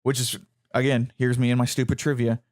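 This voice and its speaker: Man in his thirties, chatty podcast co-host, rambles and restarts, medium pitch. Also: little pitch movement, brisk, darkish tone. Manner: rambling, self-correcting, stammers on restarts. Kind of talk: casual chat.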